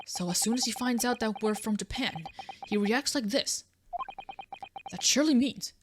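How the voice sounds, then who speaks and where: A young woman streamer giving casual, joking commentary with quick asides while she plays a game. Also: fairly high pitch, lively intonation, background noise. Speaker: let's play streamer. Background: game music.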